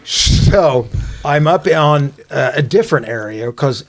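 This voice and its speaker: A man, a former police officer, telling animated anecdotes on a casual podcast and quoting people he met. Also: a little high, takes it slowly. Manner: animated anecdotal storytelling with laughs, quotes people.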